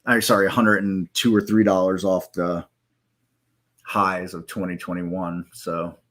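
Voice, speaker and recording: A man hosting a live trading stream, walking through software in a loose, rambling way with many fillers and self-corrections, and hiccups now and then. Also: deep voice, little pitch movement, a little slow. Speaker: live trading room host.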